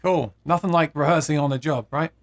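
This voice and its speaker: A man's voice: fairly high pitch, brisk. A man hosting a live guitar stream, chatting casually, reading viewer comments aloud and laughing at his own jokes.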